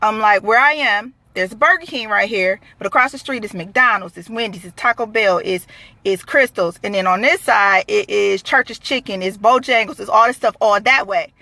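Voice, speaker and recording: A woman telling a true story in a blunt, animated, profane way, full of fillers. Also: mid-range voice, normal speed, no echo. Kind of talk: casual storytelling to camera.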